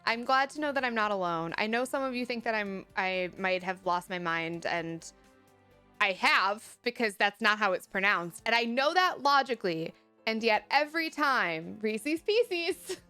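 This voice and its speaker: A woman, chatting casually on a live stream, animated and laughing often as she answers chat. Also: mid-range voice, normal speed, clear, resonant tone, soft background music.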